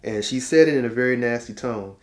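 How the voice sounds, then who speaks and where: Animated storytelling man in his forties. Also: medium pitch, brisk. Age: 40s. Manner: animated storyteller, quotes dialogue, laughs at himself; conversational, uses slang and repetition. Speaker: relationship talk host. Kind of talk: casual storytelling advice talk.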